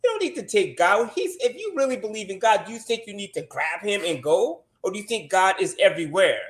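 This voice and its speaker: An American man co-hosting a casual talk show, blunt and animated as he tells stories and answers comments. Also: high voice, brisk. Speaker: podcast co-host. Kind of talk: casual chat.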